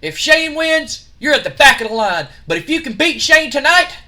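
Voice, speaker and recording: A man's voice: very high voice, sing-song, normal speed, pushed and bright, pitched above the performer's own voice, full character voice. A man voicing a smug veteran male wrestler who brokers a deal with easy assurance.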